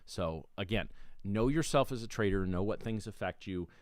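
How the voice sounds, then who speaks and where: A man's voice: lowish voice, expressive, normal speed, no echo, studio quality. A man hosting a trading show, talking casually to viewers, often restarting sentences and checking in with "right?". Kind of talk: casual explanatory talk on a livestream.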